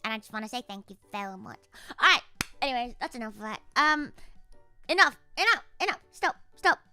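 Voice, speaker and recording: A woman's voice: fairly high pitch, big pitch swings, a little fast, sharp tone, clean tone, soft background music. A young woman who is a virtual idol, chatting casually with viewers on a livestream in a playful, teasing, mock-grumpy way and dropping in Japanese phrases.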